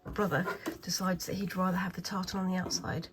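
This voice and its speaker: A woman chatting casually while sewing for a craft vlog, thinking aloud with many pauses and fillers, sometimes dropping into a soft half-whisper. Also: fairly low pitch, flat delivery, heavy background noise. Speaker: craft vlogger. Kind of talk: casual craft tutorial chat.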